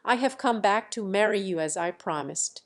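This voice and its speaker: A woman's voice: medium pitch, lively intonation, moderate pace, lightly acted. A humble young dairymaid from a fairy tale, earnest and pleading as she is chased through town, voiced by a woman reading aloud. Her lines sound sincere and a little breathless.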